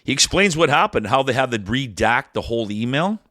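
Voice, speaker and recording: A Canadian man co-hosting a podcast, rambling and blunt, cursing freely and swinging between loud bursts and muttered asides. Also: mid-range voice, animated, a little fast, no echo. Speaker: podcast co-host. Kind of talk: casual ranting chat.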